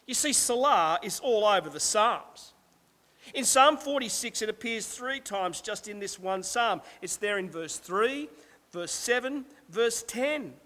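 Man, high voice, pastor, emphatic sermon, rhetorical asides, long hall echo. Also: animated, measured pace, bright, forceful tone.

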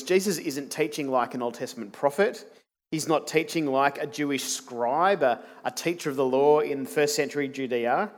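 A man preaching a sermon, earnest and emphatic, asking the congregation rhetorical questions. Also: on the high side.

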